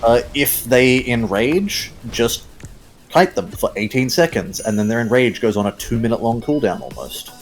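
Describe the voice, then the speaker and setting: A man's voice: mid-range voice, expressive, moderate pace, poor audio. A man chatting while gaming, self-deprecating and swearing freely. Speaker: gaming companion. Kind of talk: casual chat while gaming.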